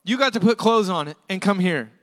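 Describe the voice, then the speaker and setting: A male pastor preaching a storytelling sermon in a casual, conversational way, with emphatic points and quick asides. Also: sits high, expressive, fairly bright tone, in a large hall.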